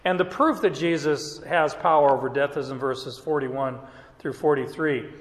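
A man teaching from the Bible in a relaxed, conversational way, often chuckling between points. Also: fairly high pitch, moderate pace. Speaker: preacher. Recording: echoey hall reverb.

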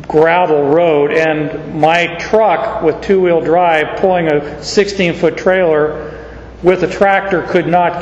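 Folksy preacher in an echoey hall. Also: male voice, a little high, lo-fi sound, slight background noise. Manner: folksy storytelling, conversational. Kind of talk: sermon with personal story.

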